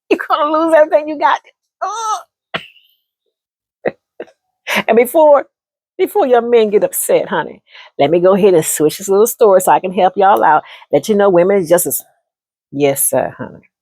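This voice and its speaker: Animated, husky-voiced woman storyteller. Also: medium pitch, fairly quick, dry recording. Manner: animated, laughs often, calls listeners honey. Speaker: storyteller giving relationship advice. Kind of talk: casual storytelling monologue.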